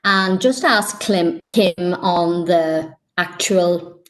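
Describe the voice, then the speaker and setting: Casual: northern irish lady councillor, fed up and emphatic, lowish voice, lots of uhs. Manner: frustrated, emphatic, halting with fillers. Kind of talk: council meeting debate.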